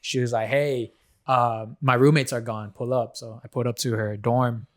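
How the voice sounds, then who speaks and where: A man's voice: mid-range voice, fairly even intonation, moderate pace. A young man on a podcast, telling a crude story in casual chat, full of slang and laughter. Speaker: podcast co-host.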